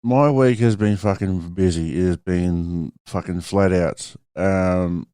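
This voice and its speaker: A man's voice: sits low, steady tone, slow pace, dark tone, smooth, no echo, studio quality. A man hosting a podcast in casual chat, rambling with fillers and plenty of swearing. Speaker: podcast host.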